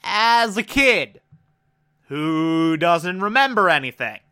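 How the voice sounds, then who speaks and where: A man's voice: high-pitched, very animated, slow pace, sharp tone, smooth. A man giving casual review commentary on a cartoon episode, gushing and enthusiastic, with frequent "uh" fillers.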